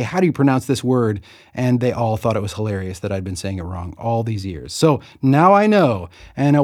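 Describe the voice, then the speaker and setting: Clean studio audio without room sound captures a middle-aged author from the Southern United States, his mid-range voice a little mellow. In a reflective interview monologue, he chats self-deprecatingly about recording his audiobook, with small laughs.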